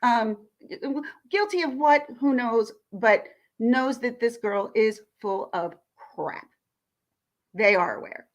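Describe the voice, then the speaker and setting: A woman's voice: on the high side, animated, takes it slowly. A woman vlogger, indignantly retelling a phone call in a ranting commentary.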